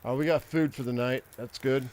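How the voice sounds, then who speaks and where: A man's voice: medium pitch, fairly even intonation, normal speed, a little mellow, slight background noise. An older man giving casual, profane gameplay commentary, ranting and rambling with frequent restarts. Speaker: gaming streamer.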